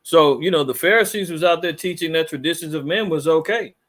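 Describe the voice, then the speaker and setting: A man's voice: a little high, brisk, fairly bright tone. A man leading a conversational Bible teaching, fiery and mocking in a preachy way.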